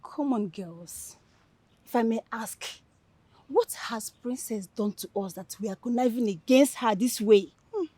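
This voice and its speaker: A woman's voice: a little high, a little slow, mellow, breathy edge, no echo. A Nigerian actress playing a principled young woman who earnestly objects to her friends' scheming in a film drama. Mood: reproving. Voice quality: earnest, protesting.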